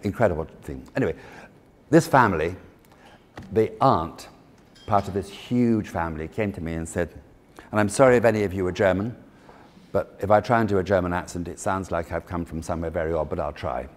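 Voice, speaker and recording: A man's voice: low-pitched, brisk. A man giving a chatty, self-deprecating talk to an audience as an event designer. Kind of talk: anecdotal presentation to an audience. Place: large formal hall. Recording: echoey hall, faint background noise.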